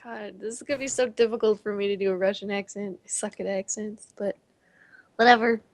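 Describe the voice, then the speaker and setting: A woman's voice: mid-range voice, steady tone, brisk, dry recording. A woman playing in a casual tabletop game, blunt and playful, swearing freely. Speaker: player.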